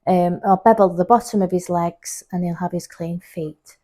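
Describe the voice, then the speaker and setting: A woman's voice: steady tone, moderate pace, warm tone. A woman, a pet groomer chatting casually through a vlog as she explains her work. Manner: chatty, explanatory, talks to the dog in a high coaxing voice. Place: grooming salon, indoors.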